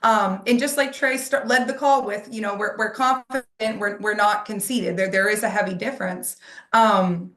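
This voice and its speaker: A woman's voice: mid-range voice, fairly even intonation, moderate pace, fairly bright tone. A woman in the insurance business chatting casually on a call, with plenty of fillers and repeated words. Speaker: insurance agent co-host. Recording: echoey room sound.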